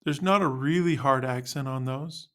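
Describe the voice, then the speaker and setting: A male music teacher narrating a scripted lesson on articulations in a clear, instructional way. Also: medium pitch, moderate pace, a bit bright.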